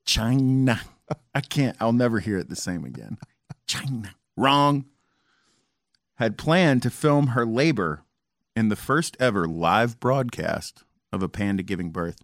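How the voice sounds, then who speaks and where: A man's voice: lowish voice, lively intonation, moderate pace, vocal fry, dry recording. A man co-hosting a podcast in casual chat, with dry, sarcastic humor. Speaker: podcast co-host.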